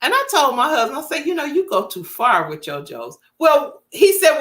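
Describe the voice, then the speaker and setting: A woman's voice: high-pitched, wildly swooping pitch, normal speed, few pauses, fairly bright tone. Chatty woman in her fifties. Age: 50s. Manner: chatty, emphatic, repeats points, acts out quoted family voices. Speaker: vlogger. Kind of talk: casual storytelling to camera.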